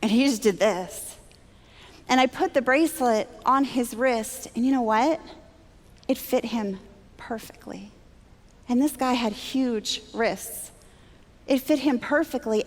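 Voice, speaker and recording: A woman sharing a personal faith testimony, animated and self-deprecating, acting out her own thoughts as she tells the story. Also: fairly high pitch. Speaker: Christian speaker. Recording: long hall reverb.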